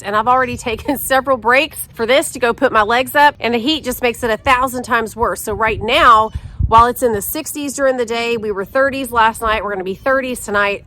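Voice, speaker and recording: A woman's voice: on the high side, a bit bright, slight background noise. A middle-aged woman, talking casually to camera while out of breath from yard work outdoors. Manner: chatty, folksy, addresses viewers as y'all. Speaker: gardening vlogger.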